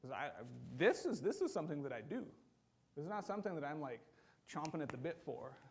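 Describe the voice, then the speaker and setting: A man preaching a sermon in a church, talking in a conversational, animated way and acting out quotes along the way. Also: on the high side, fairly quick, slight background noise. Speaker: pastor.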